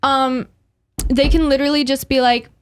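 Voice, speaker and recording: Young woman guest in her 20s, higher-pitched, animated, does voices. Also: moderate pace. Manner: animated, acts out quoted voices. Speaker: podcast guest. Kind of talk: casual conversational interview.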